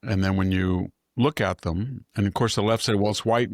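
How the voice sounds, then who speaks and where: A man's voice: deep voice, normal speed, no echo, studio quality. An older man hosting a podcast, giving rambling, opinionated political commentary with frequent restarts. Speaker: podcast host.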